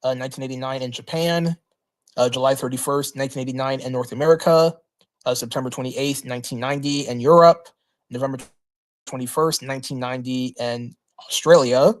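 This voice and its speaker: A man at a middling pitch runs through a long list on his livestream, pausing on fillers and restarting words as he goes. His delivery is casual and unpolished, like someone talking straight into a desk microphone at home. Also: steady tone. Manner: halting, many fillers and restarts. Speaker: livestream host.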